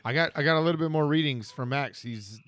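A man's voice: fairly high pitch, fast, fairly bright tone, slight background noise. A man co-hosting a podcast, telling stories in a casual, profane chat. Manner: profane, storytelling. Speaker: podcast co-host.

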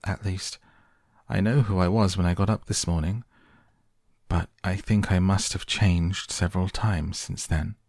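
A man reading the lines of a polite, earnest young girl in a storybook, a little flustered, in a dry, gravelly voice. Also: deep voice, fairly even intonation, darkish tone, no echo, full character voice. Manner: polite, slightly flustered, quickening when anxious.

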